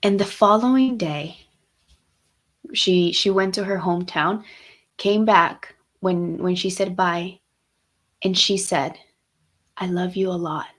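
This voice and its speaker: Woman, podcast co-host, casual heartfelt chat, reflective, storytelling, mid pitch. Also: takes it slowly, pauses often. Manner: reflective, retells stories with quoted dialogue.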